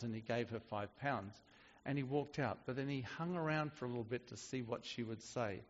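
A man's voice: mid-range voice, animated, moderate pace, big-room sound, dull audio. A man preaching a sermon in a conversational way, often restarting his sentences. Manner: conversational with frequent restarts and fillers.

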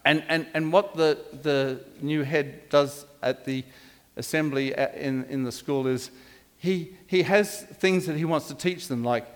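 A man's voice: on the high side, measured pace. An older man preaching a sermon as pastor in a church, rambling into digressions with frequent restarts. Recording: echoey hall reverb.

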